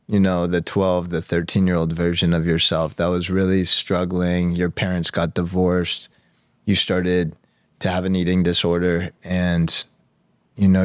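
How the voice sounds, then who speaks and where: A man's voice: low-pitched, no echo, studio quality. A man hosting a podcast, asking casual, encouraging questions. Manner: casual, encouraging, swears freely. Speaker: podcast host. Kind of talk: interview questions.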